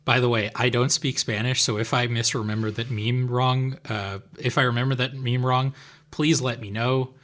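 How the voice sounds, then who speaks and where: A man's voice: medium pitch, steady tone, normal speed, fairly bright tone. A man co-hosting a podcast, rambling casually with many fillers. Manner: rambling, lots of "like" and "um". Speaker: podcast co-host. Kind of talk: casual chat.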